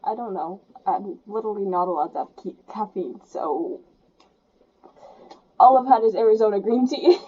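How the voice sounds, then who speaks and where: A woman's voice: medium pitch, normal speed, long pauses, mellow, breathy edge. A young woman playing a story game, reading it aloud with giggly, chatty asides. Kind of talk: reading a visual novel aloud with commentary. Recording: dull lo-fi sound.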